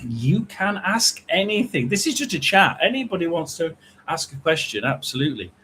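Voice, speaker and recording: A middle-aged man with a slightly high voice hosting a casual livestream chat, rambling and greeting viewers by name as he talks. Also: very animated, normal speed, bright, forceful tone, a little hiss or hum, poor audio. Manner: rambling, chatty, reads out viewer names. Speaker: psychic livestream host.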